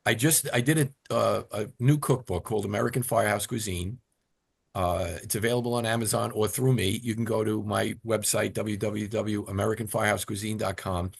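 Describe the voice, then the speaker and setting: A man's voice: fairly low pitch, brisk, creaky, breathy edge. An older man, a retired firefighter, talking casually as an interview guest and acting out quoted lines as he tells stories. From New York. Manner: animated storyteller, acts out quotes.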